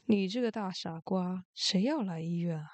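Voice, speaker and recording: A woman's voice: on the low side, normal speed, darkish tone, no room sound, close to an everyday voice. A woman voicing a sly, greedy male fox who fakes pain and mocks, in a dry storybook reading. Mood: mocking. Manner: sly, mocking, fake moaning.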